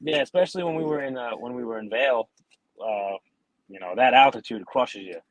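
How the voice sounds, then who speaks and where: A man's voice: medium pitch, a little fast, no echo, muffled recording. A man in his twenties from New York, a podcast guest telling hockey stories in a rambling, laid-back way with lots of fillers. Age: 20s. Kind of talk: casual interview chat.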